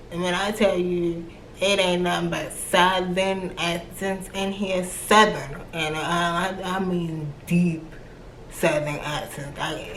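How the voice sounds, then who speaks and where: A young American woman whose accent mixes Atlanta, Virginia and New York, chatting casually and slangily in a book review vlog. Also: on the low side. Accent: American, mix of Atlanta, Virginia and New York. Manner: chatty and slangy, voicing her own reactions. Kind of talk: casual chat. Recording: roomy echo with faint background noise.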